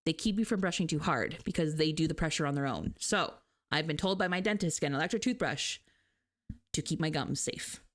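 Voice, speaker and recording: A woman streamer in a chatty, animated casual talk, laughing often. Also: low voice, fairly quick. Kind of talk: casual chat.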